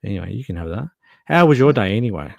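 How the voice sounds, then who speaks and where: A man's voice: on the low side, sing-song, fast talker, vocal fry, darkish tone, no echo. A man hosting a casual online chat, asking guests lots of questions and often repeating his words as he restarts. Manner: chatty, stammers and repeats words, asks many questions. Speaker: host of live online chat.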